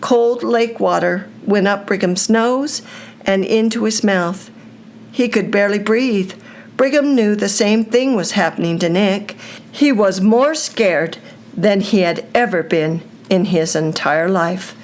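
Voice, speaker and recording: Older lady reading a kids' story aloud, slow and unhurried, middle pitch. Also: a little mellow. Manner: slow, deliberate storytelling delivery.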